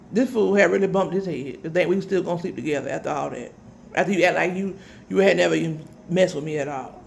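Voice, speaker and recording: A woman's voice: fairly low pitch, quick pace, gravelly, slight background noise. A woman telling a personal story in a casual, chatty way, addressing her listeners directly with dramatic asides. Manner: chatty, addresses listeners as y'all, animated retelling.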